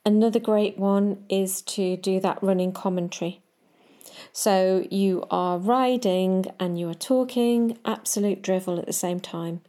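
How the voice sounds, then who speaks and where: A woman coaching riders in a podcast, speaking slowly and calmly. Her voice is mellow and warm, and her advice is measured and direct. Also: mid-range voice. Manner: calm, measured coaching, talking straight to the listener. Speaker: riding coach.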